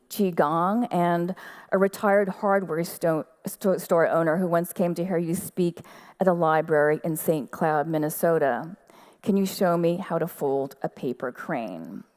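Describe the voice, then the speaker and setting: A woman giving a measured, quiet literary reading of her own fiction at an outdoor festival stage. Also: on the low side.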